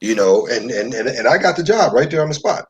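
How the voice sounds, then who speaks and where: A man from New York in casual discussion, an animated storyteller who repeats himself. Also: mid-range voice, a little fast, breathy edge, dull audio.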